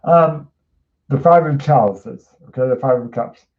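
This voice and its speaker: Male host, casual tarot stream; slow, filler-heavy rambling delivery, dull lo-fi sound. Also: mid-range voice. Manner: rambling, many fillers and restarts, chatty with viewers. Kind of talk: casual livestream tarot reading.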